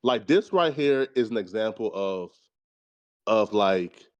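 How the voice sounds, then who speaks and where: A man's voice: fairly low pitch, lively intonation, slow pace, a little mellow. A man on a podcast panel talking in a casual, rambling way, packing his speech with fillers and slang. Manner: rambling, full of fillers like "right" and "you feel me"; slangy and profane. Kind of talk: casual chat.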